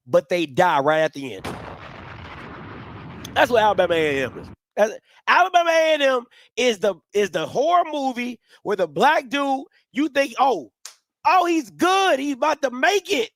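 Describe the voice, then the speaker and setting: A young man hosting a show, delivering blunt, opinionated sports commentary in an animated rant. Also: extremely high pitch, vocal fry, no echo, clean studio sound.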